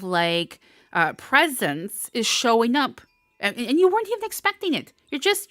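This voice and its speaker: A woman doing a live-streamed tarot reading, talking to viewers in a warm, encouraging and animated way. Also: medium pitch, no echo, studio quality. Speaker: tarot reader.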